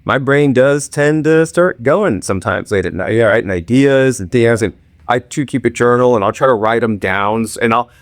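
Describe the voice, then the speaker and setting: A man's voice: medium pitch, moderate pace, no room sound. A man hosting a podcast interview, talking through his thoughts in a rambling, self-deprecating way. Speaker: podcast host. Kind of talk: casual interview chat.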